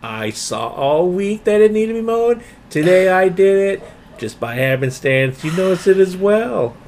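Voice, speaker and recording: Man, forties, gravelly, dry playful podcast banter, faint background hiss. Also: sing-song, unhurried, a little mellow. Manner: dry, playful, low-key. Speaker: podcast co-host. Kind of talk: casual chat.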